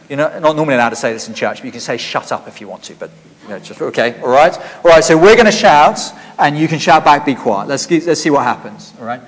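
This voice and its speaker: A man preaches a lively, interactive sermon and leads the congregation in shouting back and forth. His voice sits a little high for a man. The church hall gives a long, ringing reverb.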